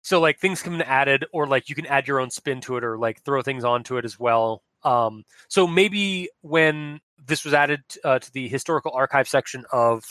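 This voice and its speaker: Chatty male podcast host, bright forceful voice, rambling, dry close sound. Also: medium pitch, normal speed, few pauses, no room sound. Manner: rambling, many restarts and laughs. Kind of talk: casual chat.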